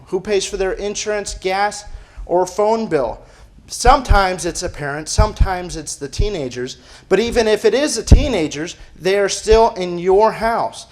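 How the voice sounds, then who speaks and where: High-voiced pastor preaching emphatically. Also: male voice. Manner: emphatic, asks rhetorical questions. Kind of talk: sermon. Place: church.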